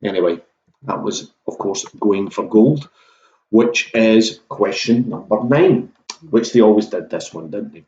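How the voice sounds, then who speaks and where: A man's voice: fairly low pitch, lively intonation, measured pace, a little mellow. A man hosting an online pub quiz in a casual, jokey way, swearing freely as he reads out questions. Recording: roomy, dull lo-fi room sound.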